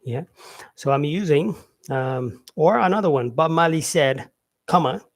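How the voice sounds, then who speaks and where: Male English teacher, slightly higher pitch, relaxed and repetitive explainer. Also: measured pace, vocal fry. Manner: repeats example sentences, frequent "yeah" and "um" fillers. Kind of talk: casual spoken lesson.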